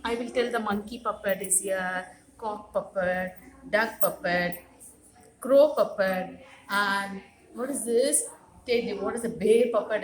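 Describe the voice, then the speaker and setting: A woman with a high voice leads a preschool class. She speaks in a sing-song, coaxing way and repeats each question to the children. Her voice echoes around a classroom over a faint background hiss. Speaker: preschool teacher. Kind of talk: classroom teaching to young children.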